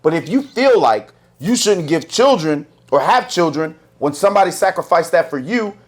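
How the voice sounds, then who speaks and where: A man in his thirties holding forth on a podcast, emphatic and profane, lecturing in long rants. His voice sits a little higher than most men's. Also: expressive, normal speed. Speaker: podcast host. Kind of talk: casual podcast chat.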